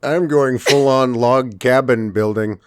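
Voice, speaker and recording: A man co-hosting a podcast, bantering in casual chat with a joking, relaxed manner. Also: medium pitch, measured pace, noisy background. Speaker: podcast co-host.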